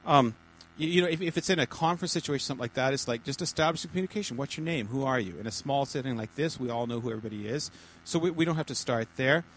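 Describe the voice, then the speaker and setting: A man, a pastor, giving informal teaching to a small church group in a halting, chatty way, with many repeated words and restarts. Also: medium pitch, a little hiss or hum, poor audio. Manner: chatty, jokey asides.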